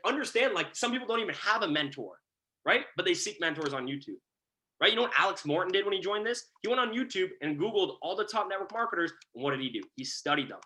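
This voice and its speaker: A man's voice: fairly high pitch, bright, forceful tone. A man giving a motivational team training over a call, hyping his audience with slang, repeated slogans and constant "right?" tags. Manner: hype, repeats lines, asks the audience to write things down. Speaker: network marketing coach.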